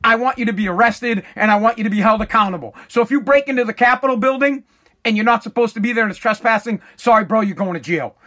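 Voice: mid-range voice, fast, a bit bright. A speaker delivering an angry, profane political rant, heated and repetitive, often restarting sentences. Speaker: political commentator.

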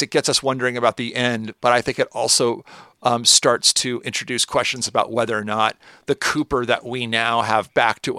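A man's voice: medium pitch, sharp tone, dry recording. Dry-voiced man musing on a podcast. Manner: thoughtful, speculative, drawn-out phrasing. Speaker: podcast co-host. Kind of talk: casual chat.

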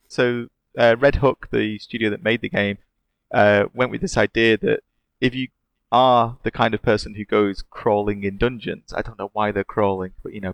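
A man's voice: lowish voice, vocal fry, no room sound. A man, co-hosting a casual games podcast, talking with enthusiasm and laughing often. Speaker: podcast co-host discussing games. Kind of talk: casual chat.

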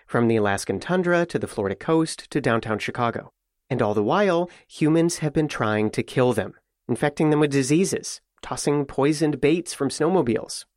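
A man reading a scripted radio news report in a measured, even storytelling way. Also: mid-range voice, no echo, clean studio sound. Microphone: close studio mic.

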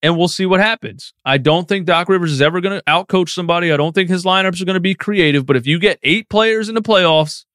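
A man's voice: high voice, fast talker, few pauses, fairly bright tone, dry recording, clean studio sound. A man hosting a live post-game sports stream, reading chat questions and ranting with feeling. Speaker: sports podcast host.

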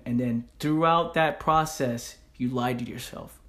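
A man hosting a motivational podcast, animated and slangy, often laughing. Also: mid-range voice, a little slow. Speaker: podcast host.

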